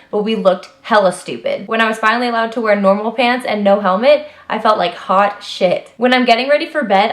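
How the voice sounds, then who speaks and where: Chatty young woman vlogging to camera. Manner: chatty and animated, lots of fillers, jumps up in pitch when emphatic. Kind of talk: casual to-camera list of personal facts.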